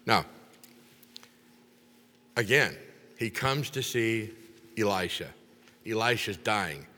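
A man preaching a sermon, retelling a Bible story in an animated way and acting out the characters' lines. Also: fairly low pitch, takes it slowly. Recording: long reverb of a large hall.

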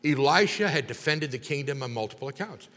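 A man preaching a sermon, retelling a Bible story in an animated way and acting out the characters' lines. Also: mid-range voice, brisk. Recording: long reverb of a large hall.

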